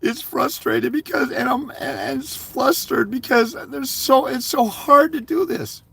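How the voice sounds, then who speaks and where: A man putting on a high, simpering voice to mock a self-pitying crybaby man. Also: measured pace, gravelly, a bit bright, slightly rough, exaggerated voice. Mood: mocking whine. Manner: simpering, falsetto-like mockery. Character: whiny self-pitying grown man, mocked.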